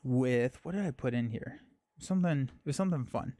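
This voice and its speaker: A man's voice: medium pitch, brisk, dark tone. A man hosting a live stream, chatting casually and thinking aloud, with frequent fillers and restarts.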